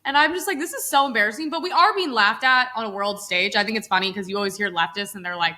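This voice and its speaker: A woman's voice: mid-range voice, quick pace, pushed and bright. A woman co-hosting a podcast in casual, profane political chat, often mimicking other people's voices. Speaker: podcast co-host.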